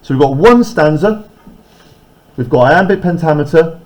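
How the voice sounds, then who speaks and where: A man's voice: a little high, lively intonation, normal speed, darkish tone. A man teaching a poetry lesson to a class. He talks in an explanatory way and keeps checking that the students are following. He taps out rhythms aloud as he goes.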